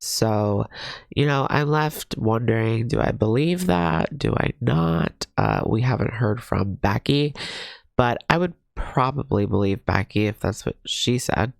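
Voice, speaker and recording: A young man talks through an online drama reaction with a stuffy, congested voice. His tone has a gravelly fry and sits in a dry, close recording. He rambles in a chatty, gossipy way with plenty of fillers. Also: lowish voice, measured pace, dry recording. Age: young adult. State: stuffy, under the weather. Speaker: drama commentary host. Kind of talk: reaction commentary.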